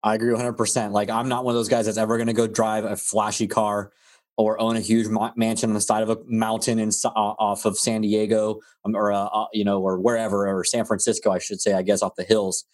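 A man's voice: on the low side, little pitch movement, a little fast, darkish tone. A man hosting a podcast interview, chatting casually and rambling with frequent restarts. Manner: rambling, stammers and restarts, friendly. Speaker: podcast host.

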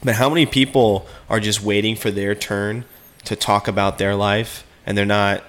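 A man hosting a casual chat, animated, who often acts out quoted small talk. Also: fairly low pitch, moderate pace.

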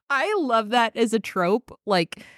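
A woman's voice: medium pitch, normal speed, no echo, clean studio sound. A woman co-hosting a podcast, giggling a lot and acting out scenes as she chats about a book. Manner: giggly, animated, acts out scenes. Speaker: podcast co-host. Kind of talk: casual book chat.

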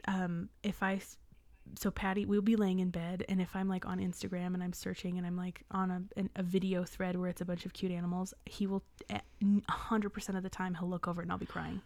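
A woman's voice: on the low side, level tone, a little fast, creaky, darkish tone, no room sound. A young woman co-hosting a podcast in casual chat, telling an emotional story close to tears and swearing freely. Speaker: podcast co-host.

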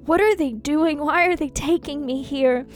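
A woman performing a first-person dramatic monologue, anguished and intense, full of pauses and repeated phrases. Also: sits high. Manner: slow, anguished and intense, with many pauses and repetitions.

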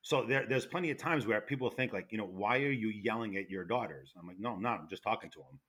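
Man, New York accent, low-pitched, bright tone, loud animated storyteller. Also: quick pace. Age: older. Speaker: retired fire investigator guest. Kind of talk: casual interview.

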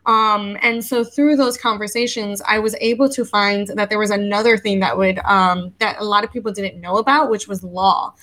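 A woman in her thirties from the United States, a guest on an interview show, talking in a casual, animated way and often acting out her own past words. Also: mid-range voice, moderate pace, few pauses, rough recording. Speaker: podcast guest, legal educator.

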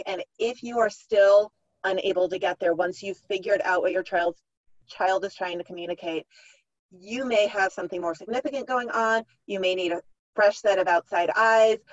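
A woman's voice: on the low side, dry recording. Middle-aged woman guest, practical and explanatory, dull lo-fi dry audio. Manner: explanatory, practical, acts out parents' thoughts. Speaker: author and clinician guest. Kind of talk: podcast interview.

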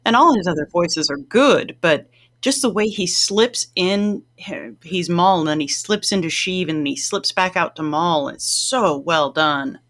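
Chatty podcast co-host, medium pitch. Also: measured pace, a bit bright. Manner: enthusiastic fan, chatty, laughs often. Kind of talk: casual chat.

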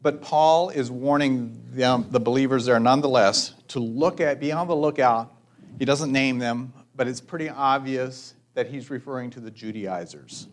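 A man preaching a measured, thoughtful sermon as a pastor, pausing for reflective asides. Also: mid-range voice.

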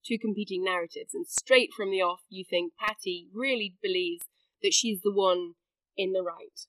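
A woman's voice: mid-range voice, no room sound, low-quality recording. A woman interviewing an author, engaged and enthusiastic about the book. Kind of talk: interview chat.

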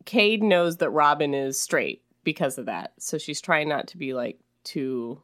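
Young woman co-host, low-pitched, lively casual podcast chat. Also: a little slow. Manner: animated, jumps high in pitch when joking. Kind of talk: casual chat recapping a book.

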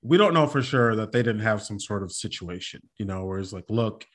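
A man's voice: fairly low pitch, lively intonation, brisk, fairly bright tone. A young man co-hosting a podcast in casual comedic chat, joking and slipping into silly voices. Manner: jokey, slips into silly put-on voices. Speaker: podcast co-host.

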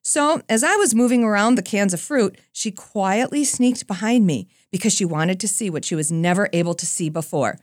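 A woman giving a Christian talk, telling a personal story in a lively, conversational way with self-deprecating asides. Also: medium pitch, moderate pace, hardly any pauses, no room sound, studio quality. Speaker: Christian speaker.

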